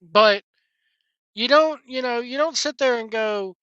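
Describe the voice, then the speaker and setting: Woman ranting on a wrestling podcast, bright forceful voice, bit muffled and dry, keeps repeating herself. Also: a little high, a little slow, no room sound. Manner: rambling, exasperated, repeats words. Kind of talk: casual opinion rant.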